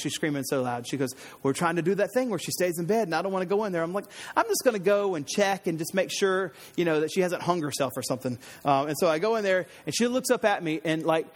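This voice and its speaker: Guy pastor preaching, pretty high voice, lively storytelling, big echoey hall. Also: fast. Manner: animated storytelling, acts out voices. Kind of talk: sermon with personal story. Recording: long hall reverb.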